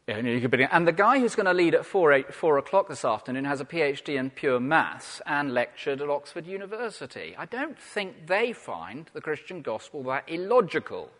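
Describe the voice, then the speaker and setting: A man, a vicar preaching a sermon in a lively storytelling manner that swings from loud to hushed. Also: fairly high pitch, moderate pace, hardly any pauses. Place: church. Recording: long church reverb.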